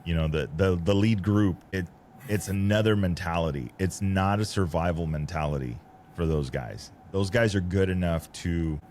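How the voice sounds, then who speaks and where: A man's voice: sits low, moderate pace, a little mellow, slight background noise. A man hosting a podcast, chatting casually and thinking aloud as he goes. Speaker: podcast host. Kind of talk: casual conversation.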